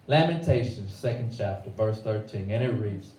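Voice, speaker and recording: Echoey, mellow-voiced male preacher. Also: fairly low pitch, animated, normal speed, hardly any pauses, distant mic. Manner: rhythmic, colloquial preaching with repeated phrases. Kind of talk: sermon.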